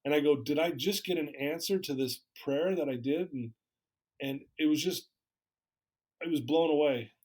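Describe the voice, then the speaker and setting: A man's voice: on the high side, moderate pace, darkish tone, slightly rough. A man guest in an interview, candidly telling a personal story and acting out the dialogue he recalls. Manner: candid, acts out quoted dialogue.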